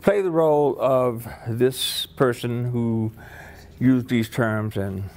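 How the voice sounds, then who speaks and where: A man's voice: mid-range voice, slow pace, darkish tone. Upbeat encouraging male workshop trainer.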